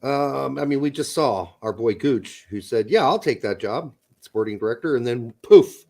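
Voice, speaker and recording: Animated, cussing man co-hosting a soccer show. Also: mid-range voice, normal speed, creaky. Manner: profane, animated, swings into loud mock outbursts. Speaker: podcast co-host. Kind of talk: casual chat.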